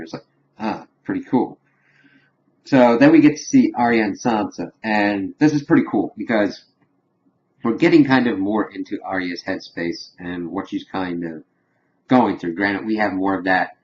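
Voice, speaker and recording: Guy with a lowish voice rambling through a tv episode recap, acting out the lines, dull lo-fi sound. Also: normal speed, darkish tone, a little hiss or hum. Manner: rambling, retells scenes in quoted lines. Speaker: TV show reviewer. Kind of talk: casual recap and review.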